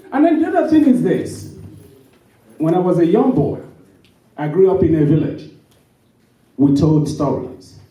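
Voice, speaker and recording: A man giving a humorous storytelling talk at a conference, acting out quoted dialogue in an animated way. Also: fairly high pitch. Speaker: conference speaker. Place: conference hall. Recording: roomy hall from a distant mic.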